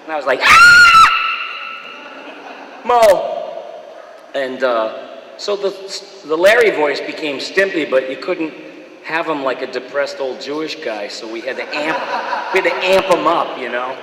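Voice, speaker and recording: A man, a voice actor, telling stories in an animated way and slipping into impressions. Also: on the high side, moderate pace, reverberant, long reverb tail, heavy background noise. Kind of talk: storytelling interview.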